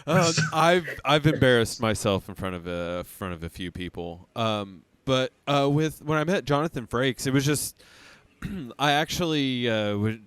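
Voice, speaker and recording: A man's voice: medium pitch, animated, unhurried, fairly bright tone, smooth. A man hosting a podcast, chatting casually and hesitantly, with frequent fillers. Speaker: podcast host. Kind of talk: casual chat.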